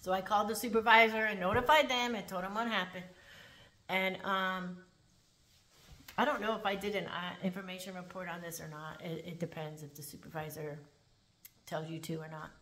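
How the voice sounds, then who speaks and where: A woman corrections officer telling a work story in a chatty, animated way, full of "like" and "um". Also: fairly low pitch, moderate pace. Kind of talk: casual spoken storytelling.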